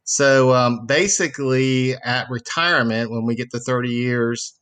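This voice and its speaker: A man's voice: medium pitch, measured pace, a bit bright, clear, resonant tone. A man in his fifties from Mississippi with a Southern accent, calling a podcast and earnestly explaining his situation step by step, with many fillers. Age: 50s. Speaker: caller. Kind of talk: casual chat.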